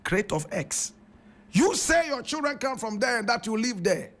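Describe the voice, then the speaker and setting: A man's voice: extremely high pitch, sing-song, normal speed, a bit bright. A man giving online commentary in a mocking, exasperated, emphatic manner.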